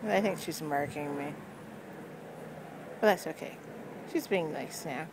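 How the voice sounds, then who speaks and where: A woman's voice: sits low, measured pace. A woman casually narrating as she pets a cat outdoors, playful and self-mocking, talking to the cat now and then. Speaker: vlogger. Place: outdoors on a street. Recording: noisy outdoor street recording.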